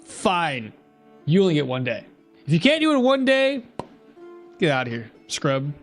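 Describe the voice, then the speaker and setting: A stingy, haughty quest giver from a fantasy game sneers and scoffs at a greedy mercenary, as a man puts him on. His voice jumps up high and swoops back down as he lays on the mockery. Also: big pitch swings, normal speed, faint music behind. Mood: dismissive. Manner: mocking, exaggerated sneer. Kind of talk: playful put-on voice mid-stream.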